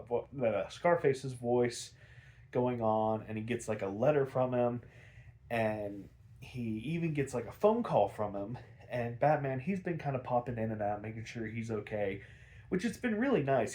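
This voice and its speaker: A man's voice: medium pitch, a little mellow. Tired, rambling man recapping an episode. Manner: rambling, frequent fillers and restarts, casual swearing. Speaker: podcast host.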